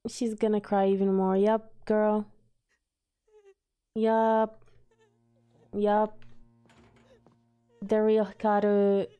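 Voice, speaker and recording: Slow-talking woman reacting emotionally. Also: medium pitch, level tone, warm tone, smooth. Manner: emotional, exclaiming, thinks aloud. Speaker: anime reaction host. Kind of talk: casual reaction commentary.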